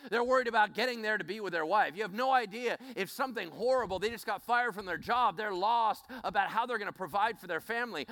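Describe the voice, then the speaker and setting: Animated man preaching. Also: high voice, fast talker, hardly any pauses. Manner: animated, acts out scenes. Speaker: Bible teacher. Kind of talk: sermon.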